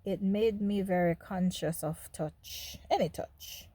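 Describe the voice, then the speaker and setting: A Jamaican woman shares a personal story in a candid monologue and speaks straight to her listeners. She laughs between remarks, and her voice sits at a middle pitch for a woman. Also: slow, dark tone, dry recording. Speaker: host.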